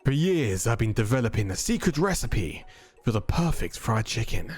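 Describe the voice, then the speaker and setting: A man's voice: medium pitch, sing-song, moderate pace, darkish tone, slightly rough, soft background music. A man voicing a proud, courtly older male chef who speaks in a grand, formal announcing manner. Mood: stately.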